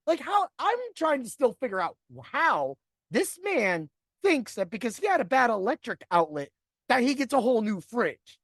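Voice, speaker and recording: A man's voice: extremely high pitch, sing-song, a little fast, no room sound, studio quality. A middle-aged man hosting a podcast, telling a grievance story in a profane, rambling rant. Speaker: podcast host. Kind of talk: ranting storytelling.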